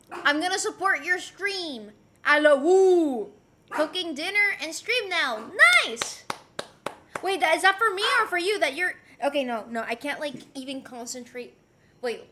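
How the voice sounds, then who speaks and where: A woman's voice: high-pitched, background noise. A woman live streamer at home, chatting casually, reading chat messages aloud and cooing at her pet. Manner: coos and teases her pet between comments.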